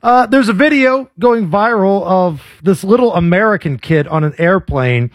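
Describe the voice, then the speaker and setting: A man's voice: sits high, expressive, no room sound, clean studio sound. A man co-hosting a talk radio show, wisecracking through casual banter. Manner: wisecracking, quick quips. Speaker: co-host.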